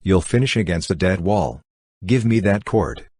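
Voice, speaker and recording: A man voicing a young male artist who speaks in a dry, measured way. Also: deep voice, a little mellow, breathy edge, dry recording. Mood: wry.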